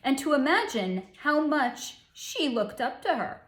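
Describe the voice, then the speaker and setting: A woman's voice: high-pitched, sing-song, a little slow, a bit bright. A woman hosting a casual psychic reading, talking in a snarky, sarcastic, profane way. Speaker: psychic channel host. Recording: roomy echo.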